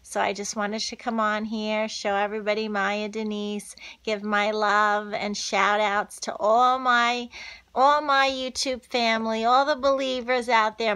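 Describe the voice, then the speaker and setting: A woman vlogger signing off to her viewers, effusive and preachy, repeating herself warmly. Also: on the high side, flat delivery, measured pace. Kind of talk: casual religious vlog sign-off.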